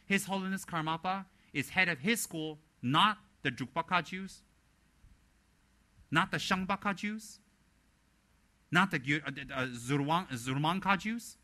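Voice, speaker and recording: Man, Buddhist teacher, dharma teaching, emphatic, sarcastic, rhetorical questions, bright forceful tone. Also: on the high side, unhurried, long pauses. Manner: lively and sarcastic.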